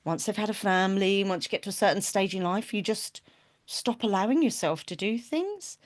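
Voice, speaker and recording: A woman's voice: mid-range voice, lively intonation, a little fast. Woman guest, earnest and reflective, thinking aloud. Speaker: podcast guest. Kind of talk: casual interview chat.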